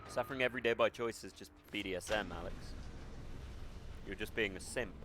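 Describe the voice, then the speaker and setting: A man's voice: on the low side, brisk, noisy background. Sardonic man streaming a shooter game. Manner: sardonic, swearing banter. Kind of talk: gaming stream commentary. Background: game music and gunfire.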